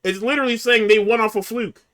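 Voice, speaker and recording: A man hosting a casual podcast, recapping a show in an exasperated, profane and animated way. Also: very high voice, fast talker. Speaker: podcast host recapping wrestling.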